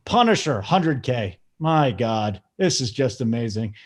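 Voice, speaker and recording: A man hosting a casual sports betting show, hyped and joking as he gives shout-outs. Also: mid-range voice, very animated, a little slow. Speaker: show host.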